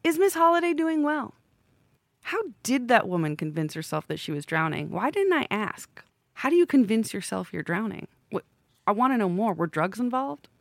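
A woman's voice: on the high side, big pitch swings, normal speed, gravelly, no room sound. A woman from the New York area with a slight lisp, rambling wryly through stories on a podcast. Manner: rambling, wry, swearing. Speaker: podcast co-host. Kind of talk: casual storytelling chat.

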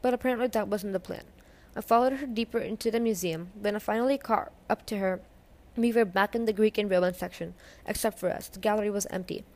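A woman reading a novel aloud at a middle pitch. She narrates steadily, chapter by chapter, and gives the characters light voices as they speak. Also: fast talker, darkish tone. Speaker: reader. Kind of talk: audiobook-style reading of a novel.

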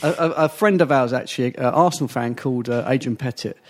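A man's voice: medium pitch, fast talker. A man, a regular on a football podcast, telling a long self-mocking story in a mumbly, rambling way. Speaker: regular panellist. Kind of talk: casual football chat, anecdote.

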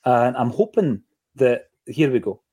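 A Scottish man in middle age hosts a football podcast, talking through his opinions casually with quick asides. His voice sits at an ordinary middle pitch for a man. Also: expressive, dark tone, slightly rough. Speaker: podcast host.

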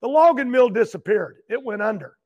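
An older man, a guest, telling long rambling stories that keep restarting, with frequent throat clearing. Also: extremely high pitch, lively intonation, fairly quick, lo-fi sound. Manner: loose, meandering, keeps restarting and clearing his throat. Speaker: guest, racing driver. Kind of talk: rambling storytelling.

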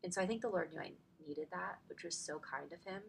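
A woman's voice: on the low side, quick pace, gravelly, a little hiss or hum. A woman in her thirties telling a personal story in a faith podcast conversation, chatty and full of "like", close to tears at times. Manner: chatty, fills speech with "like". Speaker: podcast guest.

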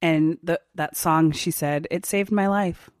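A woman's voice: on the low side, measured pace, dry recording, studio quality. Gushing woman in casual podcast chat. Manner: excited, gushing, acts out quotes. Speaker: podcast host.

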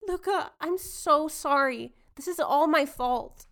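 A woman's voice: high voice, takes it slowly, fairly bright tone, full character voice. A woman voicing a spoiled, bubbly rich teenage girl in an airy, self-absorbed way, reading a scene on a podcast. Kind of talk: casual podcast scene read.

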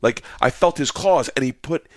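A man telling a wild comic story, acting out voices, laughing and shouting at the big moments. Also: mid-range voice, normal speed, no room sound. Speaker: guest comedian.

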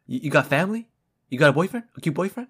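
A man voicing a nosy, teasing young male rebel with a high, excited delivery. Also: very fast, breathy edge.

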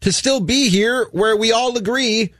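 A man's voice: extremely high pitch, a little slow, dry recording. A man co-hosting sports talk radio, playful and joking in banter. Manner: playful, laughing, animated. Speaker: radio co-host.

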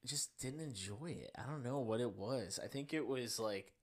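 A man's voice: medium pitch, moderate pace. A young man co-hosting a casual podcast, joking dryly in a laid-back way. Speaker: podcast co-host. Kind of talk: casual chat.

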